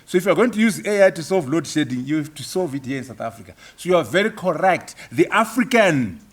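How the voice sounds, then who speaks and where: A man with a fairly high, very animated voice addresses an audience emphatically as a professor answering questions at a university book launch. He drives home his points with rhetorical flourishes and tag questions, with an occasional chuckle. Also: quick pace, slightly rough. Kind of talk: public lecture Q&A at a book launch.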